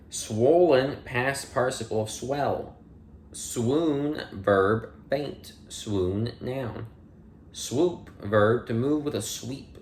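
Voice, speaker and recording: A man's voice: mid-range voice, echoey room, slight background noise. A man reading dictionary entries aloud one by one, with plain delivery, dry asides and small playful slips. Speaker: audiobook reader.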